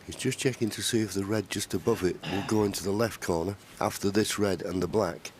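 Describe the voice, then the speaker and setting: A man giving live snooker commentary, calmly explaining each shot. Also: lowish voice, a little fast, slight background noise. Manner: calm explanatory shot analysis.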